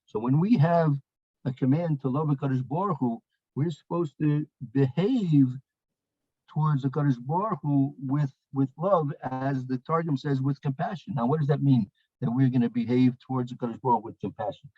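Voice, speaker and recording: A man's voice: medium pitch, normal speed, slightly rough, dry recording, lo-fi sound. A man teaching the weekly Torah portion, telling a story with many fillers, restarts and repeated phrases.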